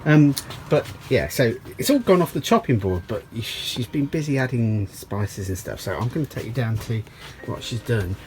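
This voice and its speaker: A man's voice: medium pitch, sing-song, normal speed, a little mellow, a little hiss or hum. A man vlogging casually on a narrowboat, rambling and jokey with lots of fillers. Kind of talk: casual vlog chat.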